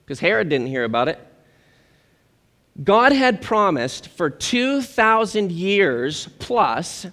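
Male pastor preaching, kinda high voice, really animated, big echoey church hall. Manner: animated preaching with acted-out quotes. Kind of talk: sermon. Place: church sanctuary. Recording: church hall with long reverb.

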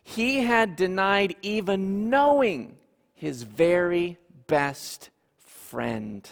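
A man preaching a sermon, telling the story slowly and earnestly with dramatic pauses. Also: high voice, lively intonation, creaky. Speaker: pastor. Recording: long hall reverb.

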